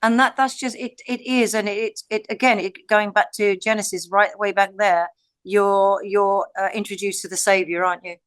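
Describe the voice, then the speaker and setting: A woman's voice: medium pitch, fairly even intonation, moderate pace, smooth, dry recording. Heartfelt English woman discussing scripture. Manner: heartfelt, many restarts and repeated words. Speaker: podcast co-host, scripture reader. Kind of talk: casual Bible study discussion.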